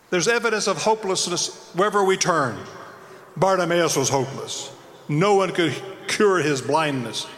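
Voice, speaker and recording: A man preaching with a high, bright, forceful voice that rings through a hall with a long reverb. He tells the story dramatically and acts out the quotes. Faint noise sits behind him. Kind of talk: evangelistic sermon.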